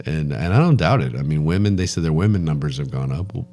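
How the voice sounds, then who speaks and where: A man's voice: rumbling low, animated, fast talker, hardly any pauses, mellow, soft background music. A man co-hosting a podcast, talking in a joking, rambling way and often repeating his words. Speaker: podcast co-host. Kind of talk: casual chat.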